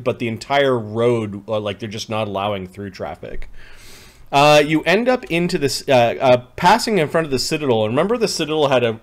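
A man narrating a tabletop game as game master, rambling with many fillers and restarts. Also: medium pitch.

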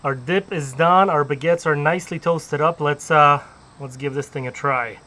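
A man's voice: fairly high pitch, moderate pace, bright, forceful tone. Upbeat man showing a grill recipe. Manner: upbeat, chatty, explains each step. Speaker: cooking channel host. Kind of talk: casual cooking demonstration. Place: outdoors at a backyard grill.

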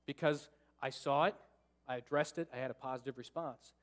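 Speaking briskly at a medium pitch, a male pastor gives a storytelling sermon to his church in the sanctuary. He's animated, humorously acting out his own thoughts and joking with the congregation.

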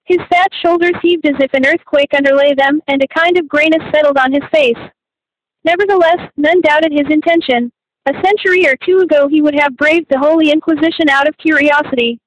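A woman's voice: high voice, fairly even intonation, a little fast, rough recording. A woman reading a novel aloud as an audiobook narrator, in scripted narration.

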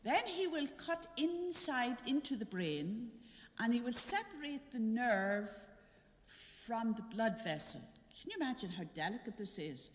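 A woman's voice: on the high side, measured pace. An older nun telling a personal story to a congregation, acting out the dialogue as she goes. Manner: animated, acts out dialogue in her story. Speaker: visiting nun giving a mission talk. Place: church. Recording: church hall reverb.

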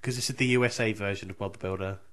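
A man's voice: fairly low pitch, steady tone, racing, a bit bright. A man co-commentating on a game, chatty and teasing. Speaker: let's play co-commentator. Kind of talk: casual gameplay commentary.

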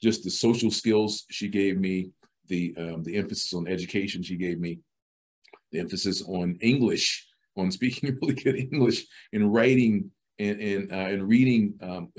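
Low-voiced man talking haltingly. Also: darkish tone. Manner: halting, many repeated words and restarts. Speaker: podcast guest. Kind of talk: casual interview talk.

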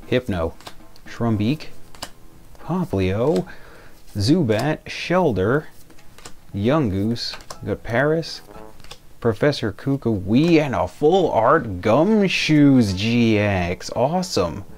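A man's voice: mid-range voice, big pitch swings, slow, a little mellow, slight background noise. A young man casually opening trading card packs, reading out the cards and grumbling in mock outrage when the packs come up short. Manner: exasperated, muttering card names, mock outrage. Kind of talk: casual pack-opening commentary.

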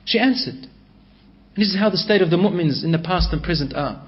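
A male preacher tells a story in a sermon, his voice sitting high. He swings from raised passages to hushed ones. The recording sounds slightly dull and lo-fi. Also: normal speed.

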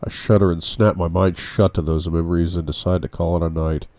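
A man narrating an audiobook in the first person, with a brooding, measured reading. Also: deep voice, level tone, darkish tone, no room sound.

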